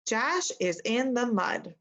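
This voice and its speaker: A woman teacher giving an early reading lesson to young children, reading sentences slowly and modelling how to sound out words. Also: on the high side, sing-song, fairly bright tone. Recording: dull lo-fi recording.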